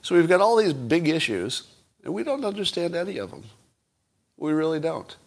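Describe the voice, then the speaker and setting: A man's voice: fairly high pitch, very animated, moderate pace, creaky. A man hosting a solo commentary show, talking casually and wryly, posing rhetorical questions with chuckling asides. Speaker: podcast host.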